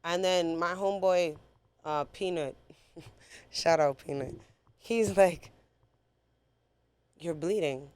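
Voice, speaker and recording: A woman's voice: on the low side, slow, long pauses, clear, resonant tone, no room sound. A woman guest recounting a personal story in a casual interview, talking bluntly with a lot of swearing. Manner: blunt, profane, animated retelling.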